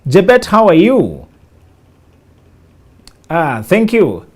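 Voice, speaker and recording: A man's voice: high voice, wildly swooping pitch, extremely slow, husky. A man hosting a live stream, casually greeting viewers by name one after another.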